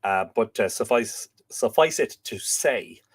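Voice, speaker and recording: A man's voice: lowish voice, lively intonation, measured pace, breathy edge. An Irish man hosting a live stream, chatting casually and reading viewer comments aloud, with a lot of musing asides and filler words. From Ireland. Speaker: host.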